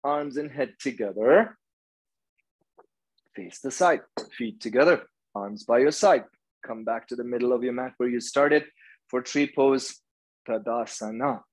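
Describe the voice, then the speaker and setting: A man's voice: medium pitch, a little slow, pauses often, rough recording. A man leading a hot yoga class, giving firm, rhythmic commands and counting through each pose. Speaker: yoga teacher. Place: yoga studio.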